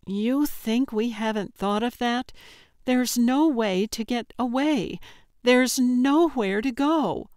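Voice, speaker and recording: A woman's voice: fairly high pitch, slow, a little mellow, dry recording, clean studio sound, pitched above the performer's own voice. A woman narrator voicing a frightened, exasperated young woman hiker who is trapped. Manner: exasperated, defensive.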